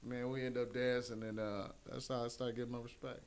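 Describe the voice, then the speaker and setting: A man's voice: medium pitch, brisk, smooth. A man, a guest comedian, telling stories in casual chat and acting out other people's lines. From Detroit. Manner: animated, acts out quotes in raised voice. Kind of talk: casual storytelling.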